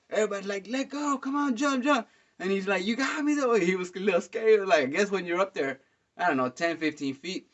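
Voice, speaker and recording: A man hosting a podcast, telling concert stories in a rambling, excitable way, full of fillers and slang. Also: on the high side. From Dallas, Texas. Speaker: podcast host. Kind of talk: casual storytelling monologue. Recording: dull lo-fi sound.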